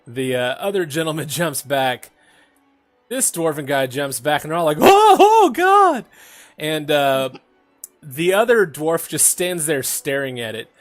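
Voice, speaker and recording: A man's voice: fairly high pitch, moderate pace, faint music behind. A young man running a tabletop game as game master, narrating casually with many fillers and laughs.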